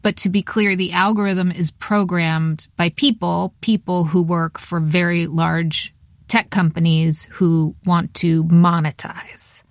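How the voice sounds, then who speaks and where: A woman's voice: on the low side, fairly even intonation, takes it slowly, no echo, clean studio sound. A woman hosting a radio interview, asking probing follow-up questions in a conversational way.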